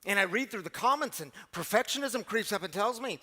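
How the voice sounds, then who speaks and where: A middle-aged man, a pastor, giving an earnest, confessional sermon that swings from hushed to emphatic, often repeating words. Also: sits high, expressive, a little fast, hardly any pauses. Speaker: pastor of a recovery community. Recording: long hall reverb, faint music behind.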